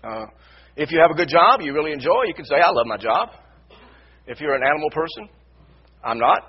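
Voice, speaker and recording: A man preaching a sermon as pastor, repeating his phrases and building to loud emphasis. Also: fairly high pitch, animated, fairly quick, muffled recording. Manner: repetitive, builds to shouted emphasis. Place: church sanctuary.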